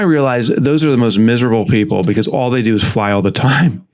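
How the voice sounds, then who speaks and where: A man's voice: medium pitch, expressive, fairly quick, few pauses, darkish tone. A man co-hosting a podcast from his home office, chatting casually in a rambling, self-mocking way. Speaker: podcast co-host.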